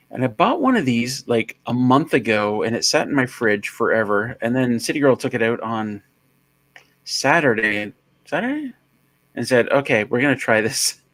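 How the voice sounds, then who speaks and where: A playful man chats and tells stories on a casual livestream. His pitch swings widely as he jokes. The sound is dry and close, with no room around it. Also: no echo. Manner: joking, storytelling, animated. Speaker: livestream co-host.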